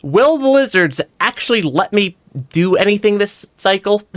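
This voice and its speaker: A man's voice: high-pitched, animated, a little slow, dry recording, studio quality. A young man giving casual let's-play commentary, stammering and restarting often and laughing between remarks. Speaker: streamer.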